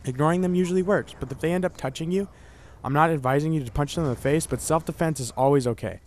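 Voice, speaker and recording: A man's voice: fairly high pitch, fast, darkish tone. A young man vlogging, telling a personal story in a rambling, casual way, full of "like" and "you know".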